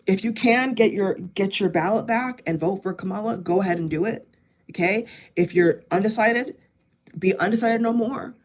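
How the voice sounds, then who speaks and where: A woman's voice: medium pitch, moderate pace. A woman giving impassioned political commentary to camera, emphatic and repetitive, speaking straight to her viewers. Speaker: political vlogger.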